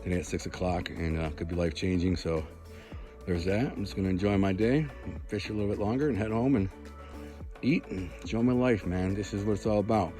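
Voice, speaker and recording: A man, talking casually to camera outdoors by a river, excited and rambling, often repeating himself. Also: deep voice, brisk, soft background music. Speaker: vlogger. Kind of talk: casual outdoor vlog narration.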